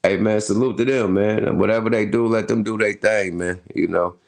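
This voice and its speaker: A man's voice: on the low side, steady tone, normal speed, gravelly. A middle-aged man hosting a casual commentary show, riffing loosely with slang and frequent laughs. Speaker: host.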